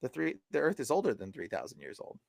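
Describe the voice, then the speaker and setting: A man with a gravelly mid-range voice talks fast as a podcast guest, a deliverance minister telling casual, animated stories. He acts out the people he quotes and laughs, and the clean studio recording has no room sound.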